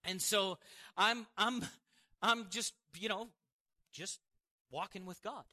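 Excitable preacher guy, high voice, bright and bouncy, laughing at his own lines. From Montana, United States. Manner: animated, laughs often, quick asides. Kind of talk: sermon.

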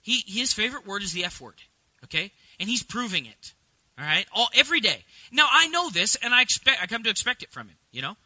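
A middle-aged man delivers a sermon in a high, ringing voice. He moves between relaxed, chatty storytelling and emphatic preaching, and the sound is close and dry. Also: brisk, no room sound, low-quality recording. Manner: conversational, rising to emphatic preaching. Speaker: pastor.

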